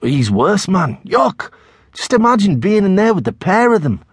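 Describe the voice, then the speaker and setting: An audiobook narrator voicing a cheeky, excitable teenage boy with a Tyneside accent, gossiping and exaggerating. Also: sits high, normal speed, slightly rough, no room sound, clean studio sound, pitched above the performer's own voice, exaggerated voice. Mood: gleeful gossip. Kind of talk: audiobook character voice.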